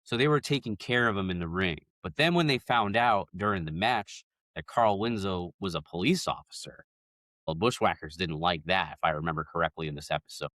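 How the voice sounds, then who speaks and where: A man's voice: sits low, a little fast, fairly bright tone, no echo, studio quality. A man co-hosting a podcast, rambling his way through stories with lots of "like" and "you know". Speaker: podcast co-host. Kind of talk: casual chat.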